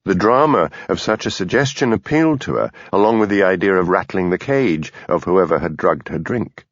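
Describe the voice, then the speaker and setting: A man narrating a mystery audiobook in an expressive, lively reading. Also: low-pitched, moderate pace, no room sound. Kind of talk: scripted narration. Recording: dull, dry studio sound.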